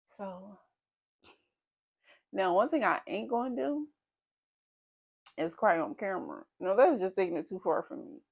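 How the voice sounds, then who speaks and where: A woman in her thirties talks straight to her viewers in a casual, confessional vlog. She is blunt and candid, and her mid-pitched voice has a gravelly fry running through it. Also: sing-song, measured pace, long pauses, a little mellow. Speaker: vlogger.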